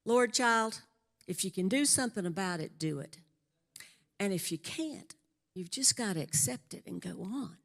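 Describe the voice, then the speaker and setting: A woman's voice: mid-range voice, expressive, moderate pace, creaky. A woman voicing a cheerful older mother, drawling fondly. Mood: wise. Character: cheerful older Southern mother, warm and laughing.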